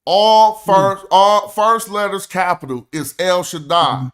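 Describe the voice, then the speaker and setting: A man's voice: high-pitched, steady tone, measured pace, a bit bright, clean tone. A young man hosting a stream, lecturing emphatically and reading aloud from his notes in an argumentative way. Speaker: stream host. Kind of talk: livestream lecture.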